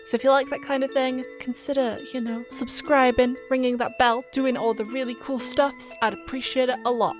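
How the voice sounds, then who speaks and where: A young woman with a British accent narrates a game video essay, chatty and quick to giggle at herself. Her voice sits a little on the high side. Faint game music plays quietly behind her. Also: steady tone. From Britain. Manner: giggly, chatty, self-deprecating. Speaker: YouTuber.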